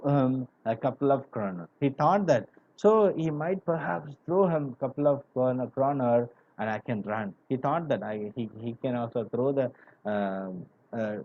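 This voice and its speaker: Male teacher, mellow and middle-pitched, talks a class through a story with lots of "you know", dull lo-fi recording. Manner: explains word by word, many "you know" fillers. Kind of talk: classroom literature lesson.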